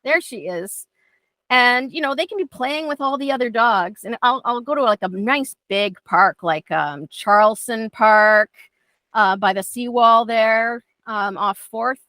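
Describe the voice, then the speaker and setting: A middle-aged woman teaches a dog training class in a chatty, casual style, often giving voice to what her dogs are thinking in lively tones. Her voice sits on the high side and is unhurried, with no echo.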